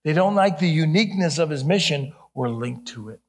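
A man's voice: on the high side, brisk. A middle-aged man from Ohio, a pastor preaching an earnest sermon with humorous asides. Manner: earnest, then playfully animated with jokes.

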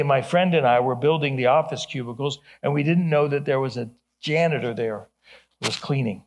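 A middle-aged man from Ohio, a pastor preaching an earnest sermon with humorous asides. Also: a little high. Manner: earnest, then playfully animated with jokes.

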